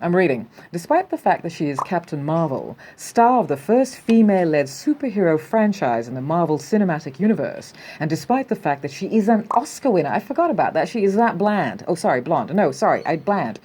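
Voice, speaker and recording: Sardonic Australian woman, low and lively. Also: a little fast, hardly any pauses, husky. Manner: sardonic, animated, reads headlines then riffs. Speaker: news show host. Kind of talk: casual commentary on news.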